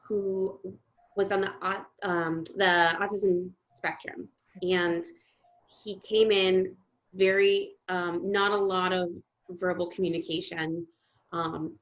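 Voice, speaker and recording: A woman's voice: on the low side, steady tone. A young adult woman, a guest music therapist, telling stories in a casual interview with many ums and restarts. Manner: halting, restarts often with ums. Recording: dull lo-fi sound.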